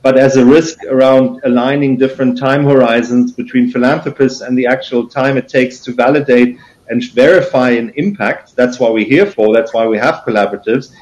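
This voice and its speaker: Halting man panelist, muffled audio. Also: mid-range voice, fairly even intonation, a little mellow. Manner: halting, with many restarts. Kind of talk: online panel discussion.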